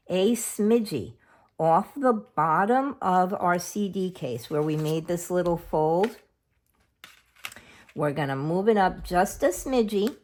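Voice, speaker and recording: A middle-aged woman hosting a casual craft tutorial at home, chatting homely and unhurried while she works with her hands. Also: on the low side. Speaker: craft video host.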